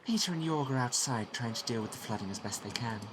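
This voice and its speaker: A man reading a calm devout farm wife. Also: medium pitch, fast, noisy background, pitched above the performer's own voice, natural voice. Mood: steady.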